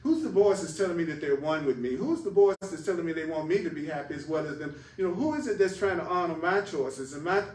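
A man's voice: fairly high pitch, expressive, quick pace, few pauses, darkish tone. A man teaching a spiritual class emphatically, repeating phrases for stress. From United States. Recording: echoey room, voice far from mic.

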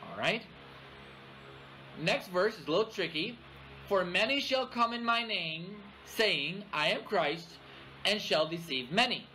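High, bright-voiced man preaching. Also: animated, unhurried, slight background noise, rough recording. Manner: expository preaching, frequent "all right?" check-ins. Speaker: pastor. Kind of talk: sermon. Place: church.

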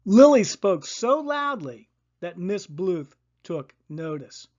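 A storyteller reading a children's story aloud in a gentle, expressive way. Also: female voice, mid-range voice, takes it slowly, lo-fi sound.

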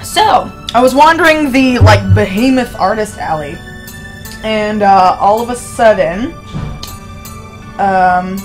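A woman's voice: mid-range voice, animated, slow, long pauses, faint music behind. A woman, chatting casually and rambling to her viewers while streaming a game. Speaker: streamer playing a visual novel. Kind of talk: casual live-stream chat.

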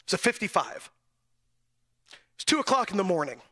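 A man preaching in a church, telling a story with lively delivery, chuckling often and restarting his phrases. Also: sits high, normal speed. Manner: animated storytelling, frequent chuckles and self-corrections. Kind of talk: storytelling sermon.

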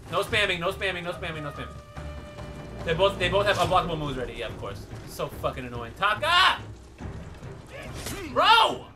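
A man doing let's play commentary, loud and profane, yelling at the game as he plays. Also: high voice. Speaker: gaming streamer.

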